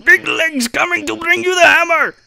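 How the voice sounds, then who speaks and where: A man voicing a dying, delirious old male dwarf warrior with a put-on Scottish accent, shouting desperate pleas. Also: very high voice, moderate pace, creaky, no echo, voice pushed up, exaggerated voice, rough recording. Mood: frantic shouting.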